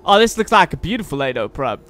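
A man giving goofy, swearing let's-play commentary, shouting during fights. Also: fairly high pitch, sing-song, fast, faint music behind. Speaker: gameplay commentator.

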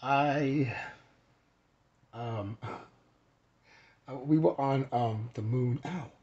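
A young man hosting an astrology talk in a casual, rambling way, swearing and jumping between shouts and whispers as he acts out quotes. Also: mid-range voice, drawn-out words, breathy edge, highs cut off.

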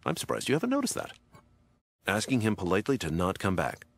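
An actor playing a stiff, overly literal grown man who talks formally, with deadpan precision. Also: on the low side, fast talker, no echo, exaggerated voice.

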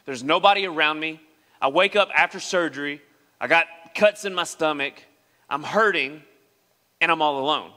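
A young man with a bright, forceful voice, telling a story from the pulpit. He speaks a little high for a man and acts out the other people in his story as he goes. His voice carries with a long ring through the church hall. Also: normal speed. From West Tennessee. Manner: animated storyteller acting out quoted voices. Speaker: pastor. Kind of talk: sermon storytelling. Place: church sanctuary.

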